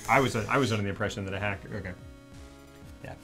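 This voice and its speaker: A man co-hosting a casual film chat, animated and jokey. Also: on the low side, faint music behind. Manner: animated, quick, breaks into silly put-on voices. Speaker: podcast co-host.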